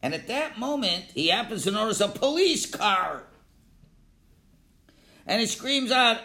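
Male Torah teacher, lively lecture delivery, bright and forceful tone, calls out examples loudly. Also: high voice, a little slow. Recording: echoey room.

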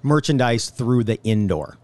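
A man's voice: mid-range voice, expressive, measured pace, darkish tone. A man co-hosting a casual chat show, telling a story with animation and acting out the people he quotes. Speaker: show co-host.

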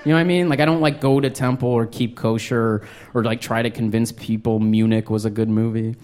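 A young man doing stand-up comedy, telling a story in an animated, self-mocking way and acting out his younger self. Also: medium pitch, fairly quick, noisy background.

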